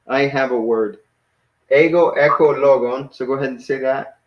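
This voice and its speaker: A man's voice: mid-range voice, moderate pace. Chill guy tutoring one student, laughs a lot, echoey room, kinda muffled audio. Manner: relaxed, encouraging, says "man" and laughs. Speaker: Greek teacher. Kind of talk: casual one-on-one language lesson.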